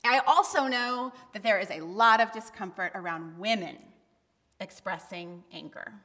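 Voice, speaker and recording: Recorded in a church sanctuary with the long reverb of the hall, a woman pastor gives a candid, conversational sermon with bursts of emphasis. Her mid-range voice is sharp in tone and moves at a normal speed.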